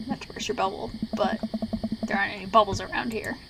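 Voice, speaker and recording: A woman voicing a gruff, deadpan middle-aged game dad in a low-key, understated way. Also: fast talker, background noise, natural voice. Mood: dry.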